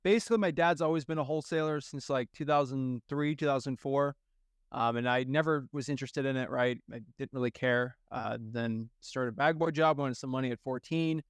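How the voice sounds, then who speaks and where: A young man tells his story as a guest, energetic and quick to act out what others said. His voice comes through smooth and resonant. The sound is dry and close. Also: medium pitch, no echo. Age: young adult. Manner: energetic, quotes people in animated voices. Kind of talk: casual storytelling.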